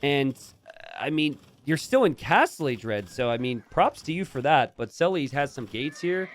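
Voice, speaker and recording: Lively, animated male game caster. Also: fairly high pitch, moderate pace, a little hiss or hum. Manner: chatty, jokey, bursts into excited shouts and laughter. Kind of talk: live strategy game commentary.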